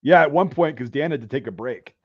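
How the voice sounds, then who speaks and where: A man hosting a casual podcast, telling profane army stories in an animated way. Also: mid-range voice, a little fast, breathy edge, no echo, muffled recording. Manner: profane, animated, shouts out quoted rants. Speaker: podcast host. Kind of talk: casual storytelling chat.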